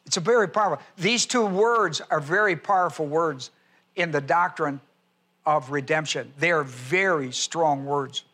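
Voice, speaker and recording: A man delivers a teaching sermon, listing scripture references and spelling out words for his listeners. His voice sits high and carries a bright, forceful edge. He slows down to repeat the key points. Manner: repeats key phrases slowly for emphasis. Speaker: preacher.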